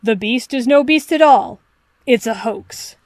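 Arrogant male detective, crisp and dismissive, read by a woman narrator. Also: on the high side, measured pace, darkish tone, no echo, natural voice. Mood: lecturing. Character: brilliant arrogant male detective, cutting and theatrical. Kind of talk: audiobook reading of fan fiction.

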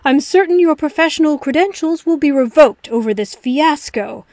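Arrogant male detective, crisp and dismissive, read by a woman narrator. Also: fairly high pitch, normal speed, darkish tone, no echo, lightly acted. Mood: lecturing. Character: brilliant arrogant male detective, cutting and theatrical. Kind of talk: audiobook reading of fan fiction.

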